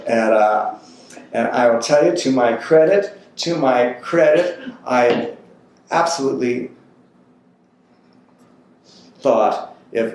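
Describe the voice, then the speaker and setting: Animated older man telling a story. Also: fairly low pitch. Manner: animated anecdotal storyteller who acts out quotes. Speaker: interviewee. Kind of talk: oral history storytelling. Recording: roomy echo with faint ambient noise.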